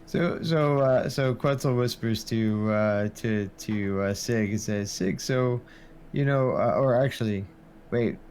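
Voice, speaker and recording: A man playing a tabletop role-playing game, talking in a hesitant, halting way full of restarts. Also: medium pitch, darkish tone, a little hiss or hum. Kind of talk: casual chat.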